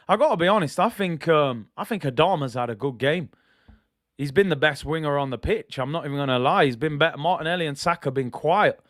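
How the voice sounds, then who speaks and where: A young man hosting a live football watch-along, reading chat and reacting loudly to the match. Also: fairly high pitch, fairly quick, dry recording, clean studio sound. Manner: excitable, banters with chat, shouts at big moments.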